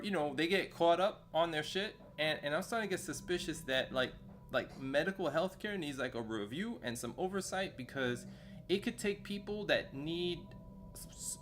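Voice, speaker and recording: A man with a fairly high, somewhat bright voice streams a video game and chats in a loose, rambling style. Fillers and casual slang fill his talk, and faint background music can be heard.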